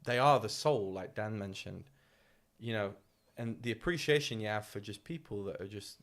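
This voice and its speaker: A man's voice: on the low side, moderate pace, fairly bright tone. A man from the UK co-hosting a podcast in casual chat, swearing freely and animatedly acting out the people he quotes. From United Kingdom. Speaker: podcast co-host.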